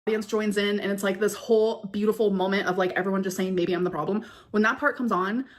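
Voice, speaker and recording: A woman with a mid-pitched voice who rambles happily from one thought to the next. She chats casually as a stream host. Her tone stays bubbly and loose. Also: fairly even intonation, fast. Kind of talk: casual chat.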